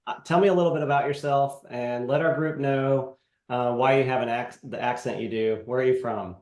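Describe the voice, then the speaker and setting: A man hosting a live webinar, demoing software in a casual, halting way with many fillers. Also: mid-range voice, steady tone, echoey room. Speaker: webinar host.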